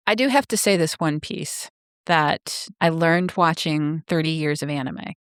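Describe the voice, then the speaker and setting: A woman's voice: low voice, expressive, slow pace, fairly bright tone, smooth, dry recording. A woman co-hosting a podcast, recapping a plot in laid-back, dry chat. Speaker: podcast co-host. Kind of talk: casual book-club chat, recapping a plot.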